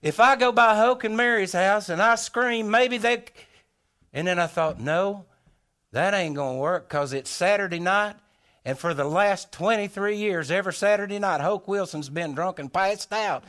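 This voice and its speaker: A man spins a comic tall tale. His voice sits high, and he tells it in a folksy, animated way, voicing his own panicked thoughts as he goes. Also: moderate pace. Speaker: storyteller. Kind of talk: humorous tall tale told on stage.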